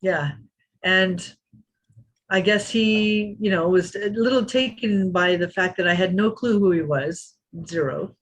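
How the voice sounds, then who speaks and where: Woman in her fifties, podcast guest, lively storyteller, acts out quotes, mid pitch. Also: unhurried, husky. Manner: lively anecdote teller who acts out quotes. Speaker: interview guest.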